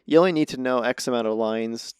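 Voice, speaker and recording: A man's voice: mid-range voice, fast, a little mellow, clean tone, no room sound, studio quality. A man, a podcast guest who acts and does comedy, telling self-deprecating stories in casual conversation. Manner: self-deprecating storytelling, laughs at himself.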